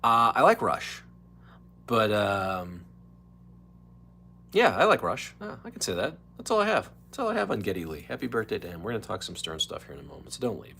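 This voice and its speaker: A man's voice: lowish voice, wildly swooping pitch, brisk, vocal fry, sharp tone, slightly rough. A man hosting a casual solo live stream, chatting in a rambling way and dropping into mock whispers and voices.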